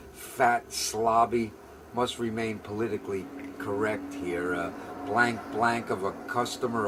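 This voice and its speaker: A man reading his own poem aloud during a casual home interview, with quick, rambling, self-deprecating asides. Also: on the low side, noisy background. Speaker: poet.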